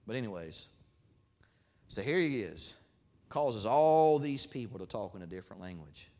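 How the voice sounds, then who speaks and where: A man pastor preaching a sermon. He swings from loud, raised peaks to quiet, conversational asides, and acts out God's words in a folksy voice. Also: fairly low pitch, animated, normal speed, long pauses. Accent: regional accent of his own.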